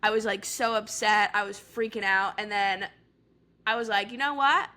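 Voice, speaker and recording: A woman's voice: mid-range voice, little pitch movement, normal speed, sharp tone. A woman in her twenties, co-hosting a podcast and telling a story in casual chat, talking in a chatty way with lots of "like" fillers. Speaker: podcast co-host.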